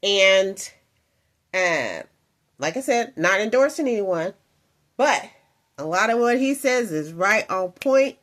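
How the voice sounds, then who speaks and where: A woman's voice: mid-range voice, big pitch swings, slow pace, long pauses, fairly bright tone. A woman hosting and commenting on a clip of faith teaching, talking reflectively with many fillers and asides.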